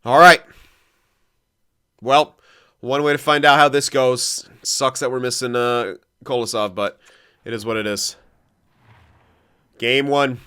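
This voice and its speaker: A young man with a smooth, clear, mid-pitched voice talks through his hockey video game as he plays. He thinks aloud, gets excitable and swears freely. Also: slow, pauses often. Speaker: gaming commentator. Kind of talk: casual gameplay commentary.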